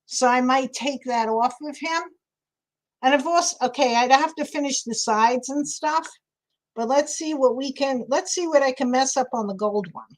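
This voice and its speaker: Craft-stream host, woman, New York City accent, high pitch, chatty. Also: normal speed, poor audio. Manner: chatty, thinks aloud while working. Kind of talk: casual live crafting chat.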